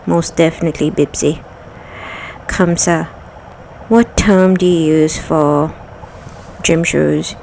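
Low, gravelly woman with an Arabic accent. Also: a little mellow, a little hiss or hum, poor audio. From United Arab Emirates. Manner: reads each question aloud, then answers plainly. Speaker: vlogger doing an accent challenge. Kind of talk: casual question-and-answer to camera.

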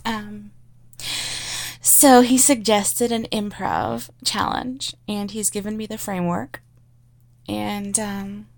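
A woman's voice: medium pitch, steady tone, takes it slowly, creaky, dry recording. A woman creator chatting casually to her audience, hesitant, with many fillers and laughs. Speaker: audio creator. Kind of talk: casual chat.

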